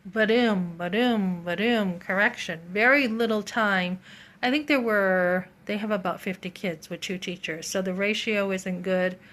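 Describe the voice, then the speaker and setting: A middle-aged woman vlogs straight to her viewers in an earnest, indignant tone. She leans hard on the words she wants to stress and keeps breaking into quoted thoughts of her own. Her voice sits at an ordinary pitch for a woman. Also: moderate pace, fairly bright tone. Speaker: vlogger. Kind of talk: casual storytelling to camera.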